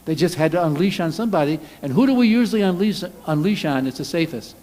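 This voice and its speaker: Pastor, male, high voice, lively sermon delivery with loud acted-out quotes, church hall reverb. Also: fast talker. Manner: animated, acts out angry quotes loudly. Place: church sanctuary.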